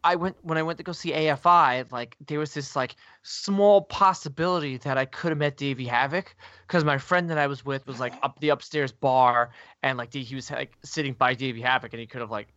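A man rambles through casual podcast chat, packing nearly every phrase with "like". His voice sits mid-pitched and comes through a dull, lo-fi signal. The room sounds dead dry. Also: brisk, hardly any pauses, fairly bright tone, no room sound. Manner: rambling, fills speech with "like". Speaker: podcast co-host.

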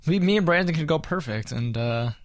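A man's voice: a little high, animated, fairly quick, dry recording, studio quality. A man co-hosting a casual podcast, reading out upcoming matches and collecting everyone's picks. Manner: runs the segment, reading out matches and taking picks. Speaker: podcast co-host. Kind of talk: casual wrestling chat.

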